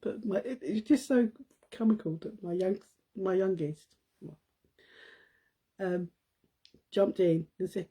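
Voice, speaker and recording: A woman's voice: medium pitch, slow, long pauses, warm tone, slightly rough. A middle-aged woman, chatting casually to viewers on a live stream, telling a funny family story and laughing often.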